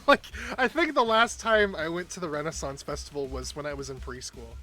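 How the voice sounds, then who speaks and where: A rambling, self-deprecating man chats as he streams a game. His voice sits a little high for a man, and soft music plays faintly behind him. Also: moderate pace. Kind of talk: casual chat while gaming.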